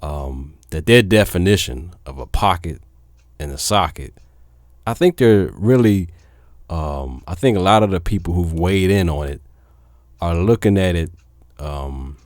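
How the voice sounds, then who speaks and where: A low-pitched man talks to his viewers as a DJ in a casual vlog. He drifts through fillers and pauses, then grows animated and insistent. The sound is dry and close, with no room echo. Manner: laid-back with many fillers, then animated and emphatic. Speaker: DJ and vlogger. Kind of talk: casual talk to camera.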